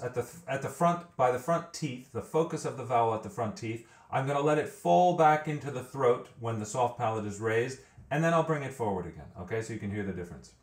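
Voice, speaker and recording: A man's voice: medium pitch, echoey room. A man teaching a vocal training lesson, explaining step by step and often repeating words as he thinks. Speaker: vocal coach.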